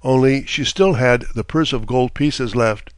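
A man reading a fairy tale aloud in a measured, steady storytelling manner. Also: medium pitch, dry recording. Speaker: narrator.

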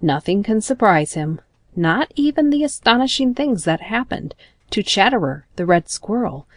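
A woman narrating a children's storybook in a gentle, expressive manner. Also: medium pitch, normal speed, no room sound.

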